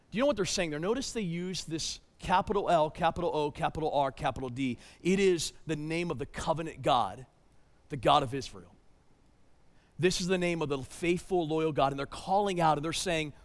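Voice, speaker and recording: A man preaching a sermon as pastor, emphatic, swinging between loud urgency and hushed tones, sometimes repeating words as he restarts. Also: fairly high pitch, brisk, big-room sound.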